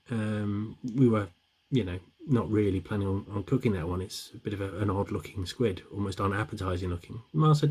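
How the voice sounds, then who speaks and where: A man's voice: lowish voice, lively intonation, brisk, few pauses, a little mellow, husky. A middle-aged man telling long shaggy-dog jokes in a rambling way, with many restarts. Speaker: joke teller.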